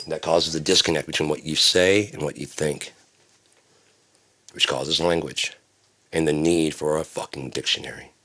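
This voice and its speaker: A man with a very low voice rambles through a stream-of-consciousness rant. He jumps from musings on time to blunt, profane gripes, cursing freely as his thoughts wander. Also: steady tone, moderate pace, pauses often, bright, forceful tone, slight background noise. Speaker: solo rambling monologue.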